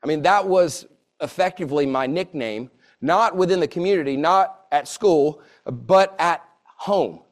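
High-voiced preacher in his forties. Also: lively intonation, a little slow. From Southern United States. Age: 40s. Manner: earnest, repeats phrases for emphasis. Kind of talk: sermon.

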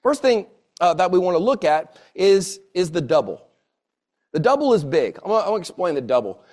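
A man in his forties preaches with a notably high-pitched voice. He is earnest and circles back on his phrases to drive each point home. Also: sing-song, a little fast, a little mellow. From Southern United States. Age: 40s. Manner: earnest, repeats phrases for emphasis. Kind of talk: sermon.

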